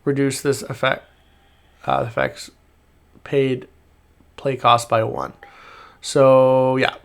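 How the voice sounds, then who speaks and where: A man's voice: mid-range voice, very animated, slow pace, vocal fry, clear, resonant tone. A man hosting a card game channel, reading card text aloud with fillers and self-corrections in a casual review.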